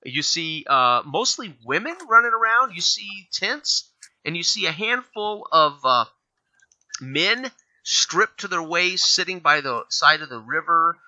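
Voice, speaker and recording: A man runs a tabletop game as game master, describing the scene in halting bursts full of fillers. His voice is very bright and sharp, and the lo-fi recording sounds dull. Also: fairly high pitch, expressive. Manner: halting, many fillers and restarts.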